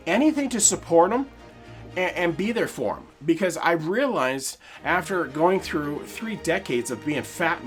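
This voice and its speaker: Man, forties, podcast host; earnest and emphatic personal talk, slightly high voice. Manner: earnest, emphatic, with frequent restarts. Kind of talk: personal monologue.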